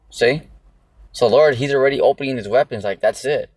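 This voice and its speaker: A man teaching the Bible in a casual, slangy way, peppering his talk with "see?" and "you know?" and slowing right down to read verses aloud. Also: mid-range voice, a little mellow, slightly rough, dry recording. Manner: slow, drawn-out emphasis when reading scripture verses. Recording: mic at a distance with faint music behind.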